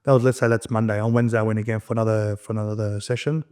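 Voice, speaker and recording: A man in his thirties, a podcast guest, telling his story in rapid, animated, profane casual conversation and acting out the dialogue. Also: on the low side.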